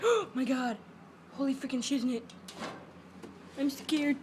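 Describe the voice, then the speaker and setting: A woman's voice: high-pitched, takes it slowly, pauses often, background noise. A young woman filming inside her house, jittery and often whispering as she coaxes a bird to leave. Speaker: vlogger. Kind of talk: handheld home video narration. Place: inside a house, attic and rooms.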